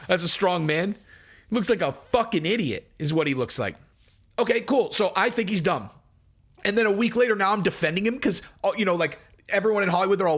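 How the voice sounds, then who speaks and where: A man's voice: high voice, animated, a little fast, fairly bright tone. A man hosting his own vlog, ranting in a blunt, profane, casual way. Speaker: vlog host.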